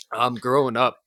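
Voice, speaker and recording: A man's voice: medium pitch, a bit bright, a little hiss or hum. A young man with an upstate New York accent, chatting casually on a podcast, swearing often and filling with "like". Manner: casual, swears a lot, many fillers. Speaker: podcast co-host. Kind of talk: casual chat.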